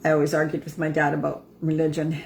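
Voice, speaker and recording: Earnest woman in her fifties, lower voice. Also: completely flat delivery, fast, gravelly, a little mellow, slight background noise. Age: 50s. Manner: conversational, repeats words for emphasis. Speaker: empowerment coach. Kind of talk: casual motivational talk.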